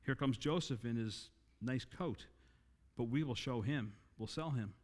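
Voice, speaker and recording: A man preaching a sermon in an earnest way, rising louder and higher to stress his points and slowing on key lines. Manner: earnest, rises in pitch and volume for emphasis, slows on key lines. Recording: long reverb in a hall.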